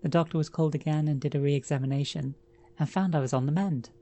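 A woman narrating a first-person horror story in a measured, dramatic reading. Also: deep voice, warm tone.

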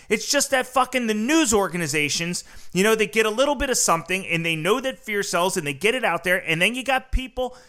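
Heated, profane man with a bright high voice. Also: animated. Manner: profane, heated, fast-talking, lots of fillers. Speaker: podcast host. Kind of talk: casual conversational rant.

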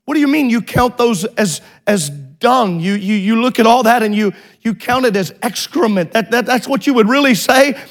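A man preaching a fervent sermon in a church, stammering through restarts and rising to shouts. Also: very high voice, expressive, moderate pace, few pauses.

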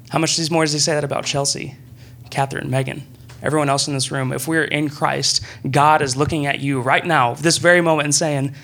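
A young man preaching a sermon in a church room, earnest and conversational, breaking into excited bursts. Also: a little high, fairly quick.

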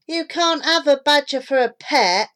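Woman doing a bookish boy, storybook, prim, reciting, slow. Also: high-pitched, expressive, a bit bright, voice pushed up. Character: know-it-all bookish boy.

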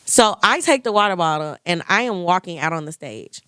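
Excited woman retelling a story. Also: on the low side, fairly quick, smooth, dry recording, clean studio sound. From Memphis, Tennessee. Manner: gushing, animated, quotes others. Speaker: podcast host.

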